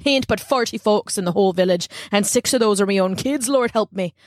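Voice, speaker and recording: A stout, bearded country constable who talks in an easygoing folksy way and teases a kid, as a woman reads him aloud. The read is dry and close. The pitch sits in her middle range. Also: brisk, dry recording, close to an everyday voice. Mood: friendly. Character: stout bearded village constable, jovial and teasing.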